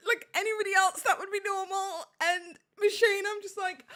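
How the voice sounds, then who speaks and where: A woman's voice: very high-pitched, sharp tone. A woman hosting a watch party, reacting casually with lots of giggles, hesitations and trailing fillers.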